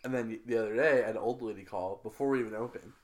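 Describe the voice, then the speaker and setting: A man's voice: on the low side, rapid-fire. A young man co-hosting a podcast, rambling through stories in crude casual chat. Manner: rambling, crude, trails off often. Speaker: podcast co-host.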